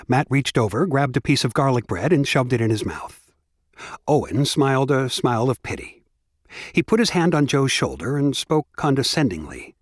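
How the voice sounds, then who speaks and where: A man narrating an audiobook in a measured, expressive storytelling manner, recorded close on a studio mic. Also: mid-range voice, dry recording. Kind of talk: scripted narration.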